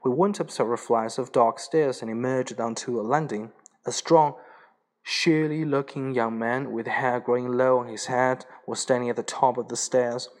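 A man reads a story aloud at a middling pitch. His narration is plain and steady. Now and then he stumbles and restarts a word. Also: moderate pace. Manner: plain reading with small slips and restarts. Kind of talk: audiobook reading.

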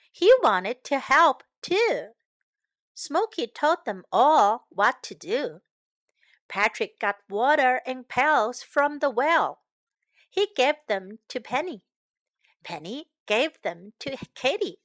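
A woman reading a children's story aloud, slowly and expressively, doing little voices for the characters. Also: sits high, big pitch swings, a bit bright, no room sound, clean studio sound.

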